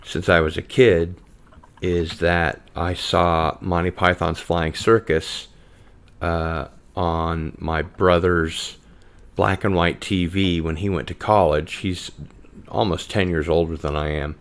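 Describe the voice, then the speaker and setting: A man's voice: deep voice, takes it slowly. A man hosting a casual podcast, chatting loosely and reading out viewer comments. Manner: relaxed, reads out viewer comments. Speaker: podcast host. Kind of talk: casual live-stream chat.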